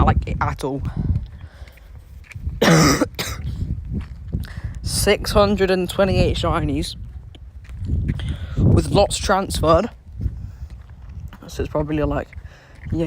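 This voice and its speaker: British man, slightly higher voice, casual live-stream chatter, repeats himself, lots of ums, phone mic, noisy outdoor street. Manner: rambling, repeats phrases, many fillers and restarts. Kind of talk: casual live-stream chat answering viewers.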